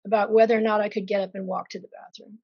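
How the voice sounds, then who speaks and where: A woman's voice: mid-range voice, little pitch movement, fast, creaky, darkish tone, no room sound, dull audio. A woman being interviewed as a patient, speaking frankly and vividly about her own illness with self-deprecating asides. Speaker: patient sharing her story. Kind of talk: candid personal interview.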